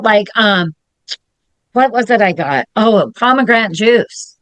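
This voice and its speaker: A woman's voice: on the high side, unhurried, fairly bright tone, dry recording. A middle-aged woman as a guest in a casual podcast chat, easygoing and musing aloud.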